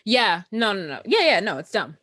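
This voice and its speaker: A woman co-hosting a podcast, chiming in with quick agreeing remarks in casual chat. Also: mid-range voice, sing-song, fairly bright tone, no room sound. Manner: quick agreeing interjections, laughing along. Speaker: podcast co-host.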